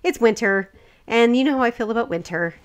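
A woman's voice: on the high side, a little fast, smooth. A woman co-hosting a podcast, recapping a film in casual chat with frequent laughs and swearing. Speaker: podcast co-host.

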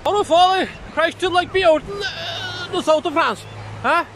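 An actor playing a blunt, grumbling older man at the beach, gruff and teasing. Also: extremely high pitch, normal speed, fairly bright tone, low-quality recording. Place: outdoors at a windy beach. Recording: wind and waves noise. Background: wind and surf.

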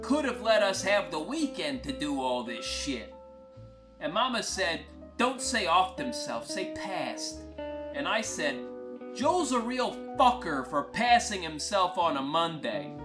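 Slow, wry woman storyteller over guitar. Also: fairly low pitch. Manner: crude, wry, deadpan. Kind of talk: first-person comic monologue over music. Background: acoustic guitar music.

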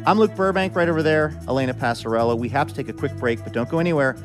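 A man hosting a live radio show from a theater stage, upbeat and quick with his announcements. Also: a little high, music in the background.

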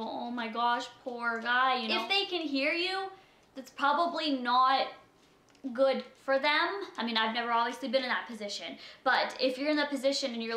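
A young woman vlogging unscripted and halting, with many fillers, talking to camera at home. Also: a little high, sharp tone, echoey room. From Canada. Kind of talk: unscripted personal vlog.

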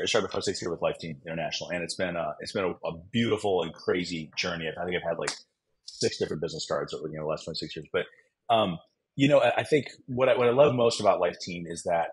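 A middle-aged man, a guest author, telling animated, self-deprecating stories with jokes about himself. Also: deep voice, slightly rough, low-quality recording. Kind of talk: animated storytelling.

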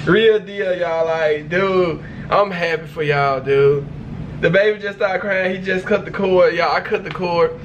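A high-voiced man reacts on camera in loose, slangy talk. He gushes, repeats lines and keeps turning back to his viewers. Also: fairly even intonation, unhurried, dull audio, a little hiss or hum. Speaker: reaction video host. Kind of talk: casual reaction commentary.

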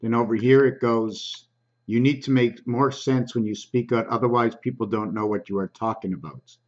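A man hosting his own channel, slowly reading comments aloud in a halting, casual way with frequent ums. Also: medium pitch, steady tone, dull audio.

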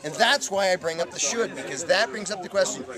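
A man's voice: sits high, a little fast. A man pressing his point insistently in a heated debate at an outdoor festival. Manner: insistent, challenging. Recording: outdoor crowd chatter behind.

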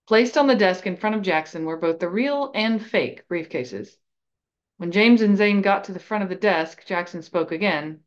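A woman podcast host reading a story aloud in a measured, expressive way. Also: lowish voice. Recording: slightly dull lo-fi recording.

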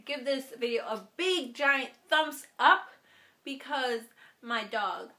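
A young woman vlogs casually to the camera, playful and animated, and slips into baby talk with her dog. Her voice sits high and moves slowly.

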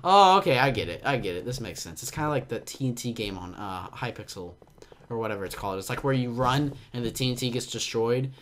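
A young man giving excitable, jumpy commentary on a game, with a slight cough and frequent yelps and laughs. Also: medium pitch, fast, a little hiss or hum. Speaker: gaming commentator. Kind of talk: casual Minecraft gameplay commentary.

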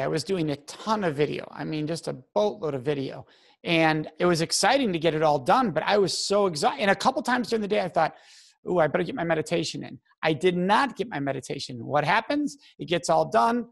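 A man's voice: high voice, expressive, a little fast, gravelly. A man hosting a casual interview, enthusiastic and conversational. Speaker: podcast host.

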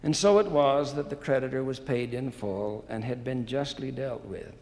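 Brief: gravelly male preacher, slow and deliberate storytelling, long reverb of a large hall. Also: medium pitch, darkish tone. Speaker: church leader giving a conference talk. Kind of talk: sermon with parable storytelling.

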